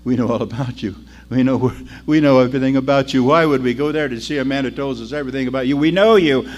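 A man's voice: mid-range voice, quick pace, dull audio, slight background noise, natural voice. A man voicing mocking village gossips who dismiss a woman, inside a sermon story. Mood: scornful.

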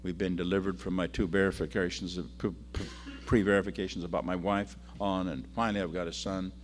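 A man preaching a sermon and reading scripture aloud, swinging between loud emphasis and quiet drops. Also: low-pitched, level tone, brisk, slight background noise.

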